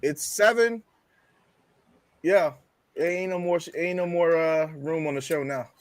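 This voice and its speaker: Slow, high-pitched hesitant man. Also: dry recording. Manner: hesitant, restarts often, laughs easily. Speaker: wrestling review show co-host. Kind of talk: casual wrestling review chat.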